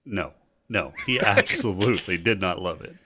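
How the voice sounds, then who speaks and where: A man's voice: sits low, moderate pace, sharp tone, a little hiss or hum. A man co-hosting a podcast, arguing back in casual, profane banter. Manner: argumentative, profane. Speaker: podcast co-host.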